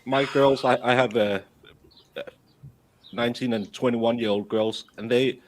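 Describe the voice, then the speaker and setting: A man's voice: medium pitch, steady tone, unhurried, a little hiss or hum. A middle-aged Danish man, a baker, telling anecdotes in casual chat, with frequent restarts and a Danish first language. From Denmark. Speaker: guest, baker.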